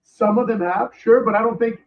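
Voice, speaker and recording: Fast-talking guy on a phone line, gravelly, heated rant, keeps restarting. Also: high voice. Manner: heated ranting, many restarts and fillers. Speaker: guest. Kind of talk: casual interview chat. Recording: tinny phone-line call.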